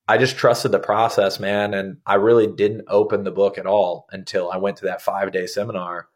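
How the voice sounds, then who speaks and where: A man in his thirties talks fast and easy, spinning his story as an interview guest. His voice sits a little low, and he keeps dropping a casual "man" into his sentences. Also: little pitch movement. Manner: laid-back, conversational, says "man" often.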